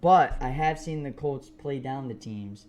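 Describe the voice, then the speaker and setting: A man's voice: medium pitch, unhurried, darkish tone, muffled recording, slight background noise. A man co-hosting a podcast, chatting casually about football as a fan, joking and cursing freely. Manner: profane, joking fan banter. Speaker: podcast co-host. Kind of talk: casual sports chat. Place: studio.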